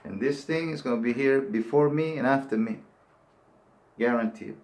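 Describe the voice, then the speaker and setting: A man's voice: medium pitch, normal speed, a little mellow. Earnest older man pleading. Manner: earnest, pleading, rising into emphatic outbursts. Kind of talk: impassioned monologue to camera.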